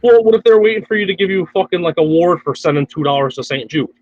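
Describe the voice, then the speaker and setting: A man's voice: sits high, animated, quick pace, a little mellow, dry recording. A man in crude, slangy banter, swearing heavily and teasing the others. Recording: dull lo-fi sound.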